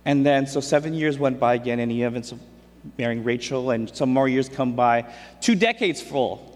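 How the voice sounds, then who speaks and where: A man's voice: mid-range voice, lively intonation, moderate pace, darkish tone. Man, preacher, casual storytelling sermon, conversational, long hall reverb. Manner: conversational, retells scripture in everyday speech.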